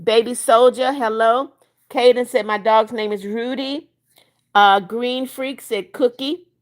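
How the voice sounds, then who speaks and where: A woman's voice: on the high side, steady tone, a little slow. A woman of seventy-one hosting a livestream, reading out viewers' chat comments and answering each by name in a chatty way. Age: 70s. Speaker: livestream host.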